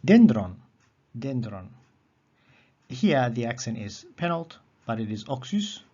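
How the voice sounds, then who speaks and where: A man teaching a recorded lesson on Greek accents, methodical and repeating key terms slowly. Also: medium pitch, very animated, a little mellow, muffled recording.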